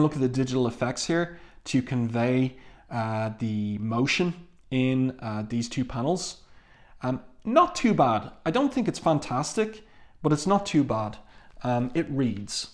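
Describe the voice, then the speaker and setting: A man reviewing a comic book page by page in a casual, measured way, often pausing to find his words. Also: medium pitch, darkish tone.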